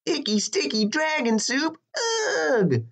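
Shrill, bratty young princess. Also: male voice, huge pitch swings, unhurried, breathy edge, heavily acted. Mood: shrieking. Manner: shrill, whiny, screaming outbursts. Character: spoiled, bratty young princess, shrieking and furious.

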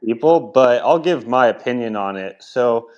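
A man's voice: medium pitch, animated, moderate pace, darkish tone, dull audio. A man speaking as a guest in a casual audio chat, laid-back and conversational.

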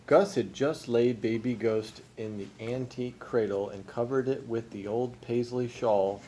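A man reading a children's storybook aloud as a father, with expressive, unhurried storytelling. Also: medium pitch, slight background noise.

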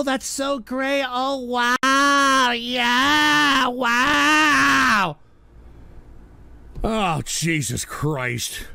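High-pitched, gravelly-voiced man ranting on live radio. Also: dry recording. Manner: excitable, bursts into shouting and swearing. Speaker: radio show host. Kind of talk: live call-in radio rant.

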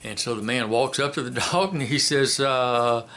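A man giving a casual spoken commentary and telling a joke in a folksy, unhurried way with many filler pauses. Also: mid-range voice, sharp tone. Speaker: commentator and storyteller.

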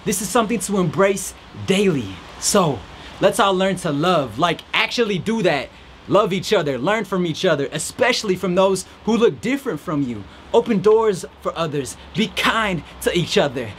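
A man's voice: high-pitched, lively intonation, moderate pace, slight background noise. A man hosting a podcast, giving an earnest, encouraging faith-based motivational talk while standing outdoors in a rainstorm. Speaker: podcast host.

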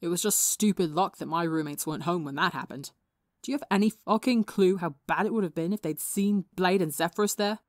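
A woman's voice: lowish voice, a little fast, dry recording, clean studio sound, natural voice. A woman voicing a hot-tempered, tired young man who talks in a snappish, profane way. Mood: angry.

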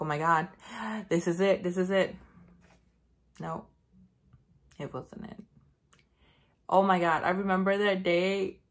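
A woman beauty vlogger chatting casually, telling a rambling story full of "like" and acting out her own lines. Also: mid-range voice. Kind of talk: casual chat.

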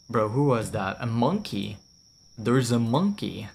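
A man's voice: mid-range voice, expressive, a little slow, gravelly, darkish tone, a little hiss or hum. A young man streaming a horror game with casual, jokey, rambling commentary, swearing and laughing often.

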